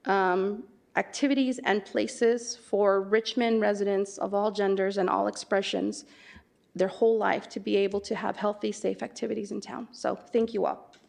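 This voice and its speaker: Woman commissioner, gravelly voice, halting filler-laden meeting report. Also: mid-range voice, little pitch movement, a little mellow. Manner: hesitant, full of fillers. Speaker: parks commissioner. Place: city council chamber.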